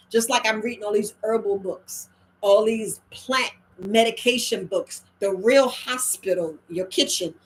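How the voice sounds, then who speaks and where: A middle-aged woman herbalist talking in a casual, animated monologue, slipping into quoted voices and slang. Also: on the high side, slight background noise, low-quality recording. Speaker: herbalist host.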